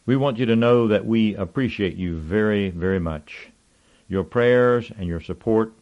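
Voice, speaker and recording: An earnest man with a fairly low voice hosts a ministry broadcast. He speaks in a measured, preacherly way, and the recording sounds dull and lo-fi. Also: a little mellow. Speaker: ministry host. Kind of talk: scripted radio-style introduction.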